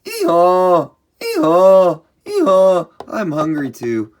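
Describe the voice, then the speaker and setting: A loud, braying cartoon donkey, hungry and friendly, bellowing its calls high and strong, as a woman puts it on. It swoops up and down with lively pitch and drawn-out slowness, a children's storybook animal. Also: exaggerated voice. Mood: hungry, playful.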